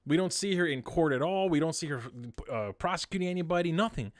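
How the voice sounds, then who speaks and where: A man with a slightly high voice launches into a heated, exasperated rant while co-hosting a casual podcast. The sound is dry and close, with no room around it. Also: fast talker, dry recording. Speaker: podcast co-host.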